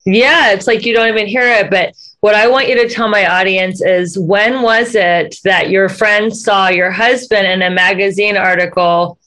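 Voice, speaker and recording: Woman, interview host, bright voice, encouraging, prompting questions. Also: mid-range voice, fairly even intonation, normal speed, few pauses, low-quality recording. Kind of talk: podcast interview.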